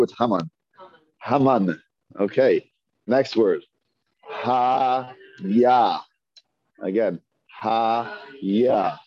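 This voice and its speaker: A man teaching Hebrew reading, sounding out words slowly and patiently and repeating them. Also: on the low side, dark tone, dry recording. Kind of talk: slow, patient reading lesson. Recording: dull lo-fi dry recording.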